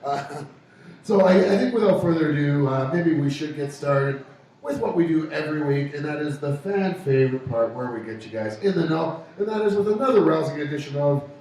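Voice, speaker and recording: A man's voice: a little high, expressive, normal speed, mellow. A man co-hosting a casual radio show, joking and laughing often. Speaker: co-host of a pub radio show. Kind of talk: casual banter. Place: pub. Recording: echoey pub room from far off. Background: faint room noise.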